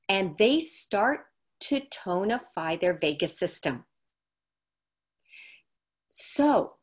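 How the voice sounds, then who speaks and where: A woman teaching on a video call, explaining calmly and repeating key phrases for emphasis. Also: lowish voice.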